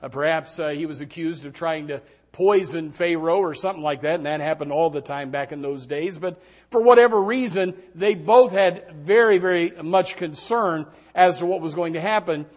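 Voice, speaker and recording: A man preaching a sermon in a conversational, animated way, with many restarts and fillers. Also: normal speed. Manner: animated, pitch rising and falling with emphasis.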